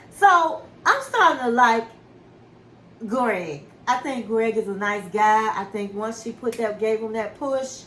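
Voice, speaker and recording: A woman hosting a reality TV recap in casual chat, an animated storyteller who acts out quotes and calls her listeners honey. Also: fairly high pitch, reverberant, slight background noise, rough recording.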